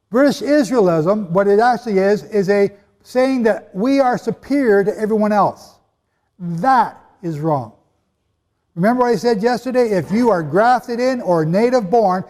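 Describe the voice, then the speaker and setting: High-voiced man preaching in a reverberant hall. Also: darkish tone. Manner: emphatic, conversational, quizzes the audience. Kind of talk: sermon-style teaching to a live audience. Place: large hall with an audience.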